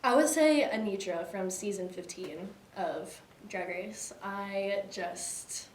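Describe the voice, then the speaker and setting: A woman's voice: medium pitch, takes it slowly. A young woman co-hosting a casual chat show, rambling with lots of fillers and laughing easily. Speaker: co-host. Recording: echoey room, mic at a distance.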